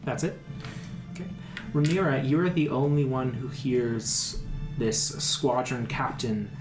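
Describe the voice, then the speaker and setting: A man's voice: medium pitch, steady tone, takes it slowly. A man narrating a tabletop game as dungeon master, descriptive, with fillers. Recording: echoey room with background music.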